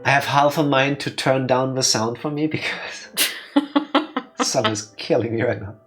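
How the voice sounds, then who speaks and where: A man's voice: mid-range voice, moderate pace, a bit bright, soft background music. A man hosting a let's play, reading the game's lines aloud and making emotional, joking asides in casual gameplay commentary.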